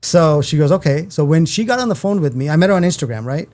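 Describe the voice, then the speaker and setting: Middle-aged guy rattling off a producer story fast, dark mellow voice, plays out all the quotes. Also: fairly high pitch. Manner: animated storyteller acting out quoted dialogue. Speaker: film producer and director, podcast guest. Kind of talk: storytelling in casual chat.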